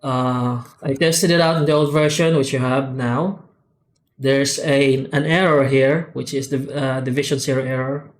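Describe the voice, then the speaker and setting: A man at an ordinary middle pitch demonstrates his software add-ons step by step. He speaks unscripted and methodically, breaking off often with "uh" and "um" and starting phrases over. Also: fairly even intonation. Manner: halting, unscripted, with frequent "uh" and "um" pauses and restarts; methodical, explanatory walkthrough. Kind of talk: screen-recorded software tutorial.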